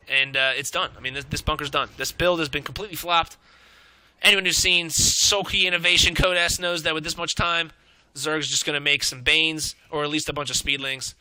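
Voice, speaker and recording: A young man commentating a strategy game match, excitable and out of breath, swearing and rambling as he calls the play. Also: on the high side, moderate pace, clear, resonant tone, no room sound.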